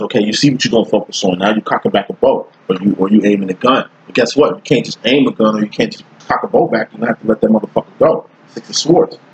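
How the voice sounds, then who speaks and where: A man reads tarot cards in a loose, streetwise monologue at a medium pitch, cursing freely. He talks in rhythmic runs of words and jumps his pitch up to hammer each point. The audio is a little dull and lo-fi. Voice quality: profane, blunt and streetwise, with slang. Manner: animated, rhythmic, jumping in pitch for emphasis. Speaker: tarot reader. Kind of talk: casual tarot reading monologue.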